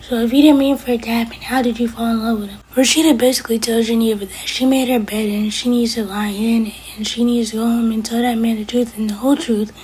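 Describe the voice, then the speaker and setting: A woman's voice: fairly high pitch, steady tone, quick pace, hardly any pauses, a little mellow, a little hiss or hum, poor audio. A woman casually reviewing a TV episode, retelling scenes line by line with blunt opinions, sometimes dropping to a whisper. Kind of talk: casual recap and commentary.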